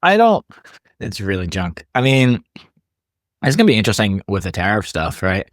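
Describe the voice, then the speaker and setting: A man co-hosts a podcast in loose, rambling chat full of fillers. His voice is low but swings widely in pitch. The recording is dry and close. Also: very animated, normal speed, no echo. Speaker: podcast co-host.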